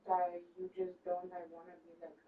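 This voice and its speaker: A woman speaking in a flat, level voice with very little rise and fall, chiming in with blunt questions and short remarks. She sits away from the mic, and the sound comes through dull and muffled. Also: on the low side, normal speed, recorded from a distance. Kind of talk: casual chat. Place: at home, shared apartment.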